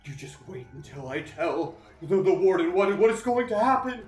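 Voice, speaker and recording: A man voicing a bossy, nervous young tattletale who taunts loudly, recorded in an echoey room. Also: high-pitched, very animated, moderate pace, far from the mic, soft background music, pitched above the performer's own voice. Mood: taunting.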